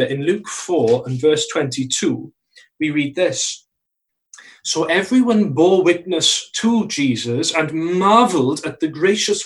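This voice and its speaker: A man preaching a sermon in a church, earnest, slowing down to stress key phrases. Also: fairly high pitch, far from the mic, low-quality recording.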